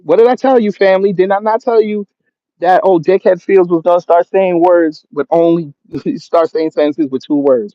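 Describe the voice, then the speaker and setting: A man's voice: high-pitched, normal speed, pauses often, no echo. A man of Jamaican background hosting a livestream, reading out chat comments and answering them with sarcasm and laughter. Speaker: livestream host. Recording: dull lo-fi stream audio.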